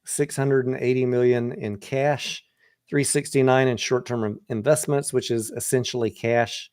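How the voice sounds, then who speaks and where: A man's voice: mid-range voice, fairly even intonation, normal speed, darkish tone, clean tone. A man hosting a casual livestream and walking through a company's financials in a blunt, profane, conversational way. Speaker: livestream host and stock trader.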